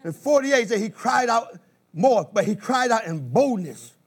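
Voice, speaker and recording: A man preaching a sermon in an animated call-and-response style, with bursts of shouting. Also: very high voice, normal speed, husky.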